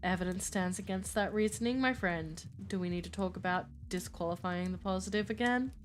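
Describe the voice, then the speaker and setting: A woman doing a calm, wise male mentor. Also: on the low side, slight background noise, close to an everyday voice. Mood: reassuring. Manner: measured, reassuring.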